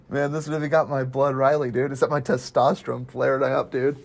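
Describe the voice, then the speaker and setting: A young man hosting a casual movie podcast, talking excitedly with lots of fillers. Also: mid-range voice, normal speed, vocal fry. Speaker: movie review podcast host.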